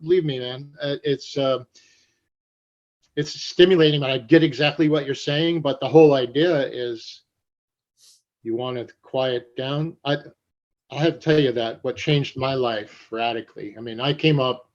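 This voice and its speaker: An older man from New Jersey telling stories in an interview, animated and profane, acting out the voices of people he quotes. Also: mid-range voice, normal speed. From Paterson, New Jersey. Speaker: guest. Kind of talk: storytelling interview. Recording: dull lo-fi sound.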